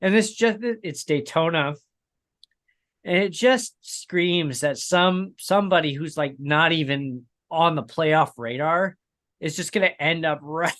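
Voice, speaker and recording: A man with a somewhat high-set speaking voice chats casually as a podcast co-host. He rambles through stories, breaking off mid-sentence and chuckling as he goes. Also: a little slow, a bit bright. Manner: rambling storyteller, chuckles while telling stories. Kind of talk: casual chat.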